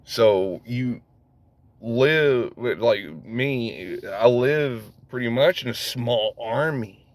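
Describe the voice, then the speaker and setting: A man talking slowly and deliberately in a loose, profane rant, dropping curses into almost every thought and chuckling at his own lines. The sound is close and dry, with no room around it. His pitch sits in a middling range for a man. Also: dry recording. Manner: rambling, swears heavily, laughs at himself.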